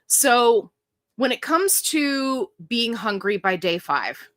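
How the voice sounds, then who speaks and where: A woman chats brightly with her live viewers, greeting them by name and reading out their comments. Her voice is crisp and bright, recorded close and dry with no room sound. She sounds easygoing and upbeat throughout. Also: on the high side, very animated, takes it slowly, dry recording. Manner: chatty, upbeat, reads viewer comments aloud. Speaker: livestream host. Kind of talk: casual live Q&A chat.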